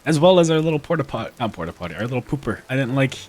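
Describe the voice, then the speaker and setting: Speaking very fast in a sing-song, medium-pitched voice with a darkish tone, this man offers casual gaming commentary as a YouTuber. He keeps poking fun at himself and laughs often, staying playful throughout.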